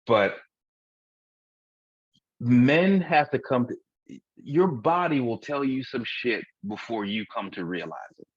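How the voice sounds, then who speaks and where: A man's voice: medium pitch, lively intonation, slow, long pauses, husky, dry recording. A man in his forties, co-hosting a podcast in candid comedic chat, frank and profane, often laughing at his own jokes. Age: 40s. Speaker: podcast co-host. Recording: dull dry lo-fi recording.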